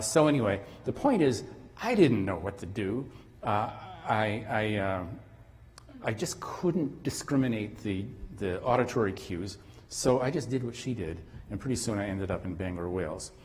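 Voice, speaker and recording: A man's voice: on the low side, darkish tone. A man giving a lecture at a conference, rambling with restarts and now and then imitating sounds. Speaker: conference speaker. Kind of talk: academic lecture. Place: conference hall. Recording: long reverb in a hall.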